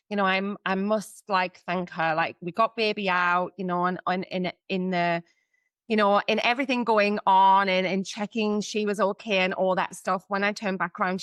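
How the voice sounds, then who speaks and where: A woman in her thirties with a smooth, resonant voice tells a personal story as a podcast guest. She talks candidly and chattily, full of fillers. The sound is close and dry. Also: mid-range voice, a bit bright, no room sound. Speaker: guest, psychic medium and mentor.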